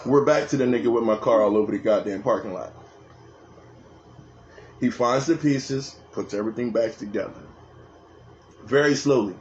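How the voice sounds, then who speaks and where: A man's voice: medium pitch, moderate pace, pauses often, a little mellow. A man co-hosting a podcast, telling a profane story in casual chat and acting out other people's lines. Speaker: podcast co-host. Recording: roomy, dull lo-fi sound with faint hiss.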